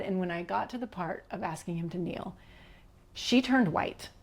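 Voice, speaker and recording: Middle-aged woman, low and gravelly, an animated podcast guest telling her own story, quoting others and slipping into whispers. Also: moderate pace. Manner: animated, reenacts quotes, drops to whispers. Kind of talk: personal storytelling.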